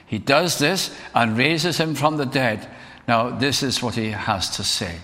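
Male preacher, earnest sermon delivery, builds to forceful emphasis, mid-pitched, long church reverb. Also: unhurried. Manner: earnest, rising to emphatic declamation.

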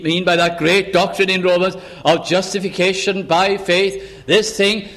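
A man's voice: sits high, fairly bright tone. A man preaching a chapel sermon, earnest and emphatic, acting out the voices of the people he quotes. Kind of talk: evangelical sermon. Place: chapel service.

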